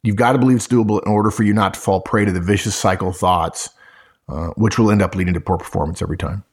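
A man's voice: on the low side, steady tone, fast, slightly rough. A man co-hosting a podcast, giving management advice in an emphatic way and repeating his key points. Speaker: co-host.

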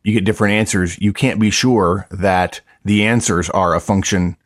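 A man's voice: sits low, steady tone, normal speed, no echo, clean studio sound. A man co-hosting a casual chat, explaining an idea thoughtfully with frequent restarts. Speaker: co-host, management consultant.

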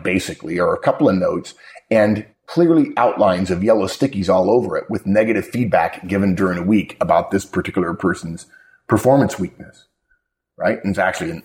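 A man hosting a podcast, talking casually and emphatically, with sudden jumps in pitch and frequent restarts as he tells stories. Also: darkish tone. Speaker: podcast host. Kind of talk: casual podcast talk on management.

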